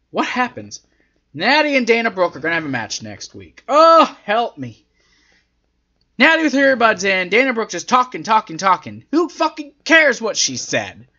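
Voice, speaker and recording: A man's voice: high voice, bright, forceful tone, muffled recording. A man casually reviewing a wrestling show in a profane, exasperated rant.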